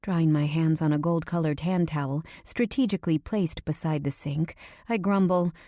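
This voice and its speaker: Low-voiced intimate female audiobook narrator. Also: moderate pace, mellow, no room sound, studio quality. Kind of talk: first-person romance audiobook narration.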